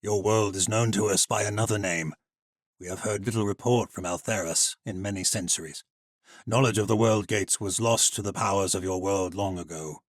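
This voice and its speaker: A man playing a gruff, stern armored knight standing guard. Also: lowish voice, fairly even intonation, normal speed, dry recording, clean studio sound, lightly acted.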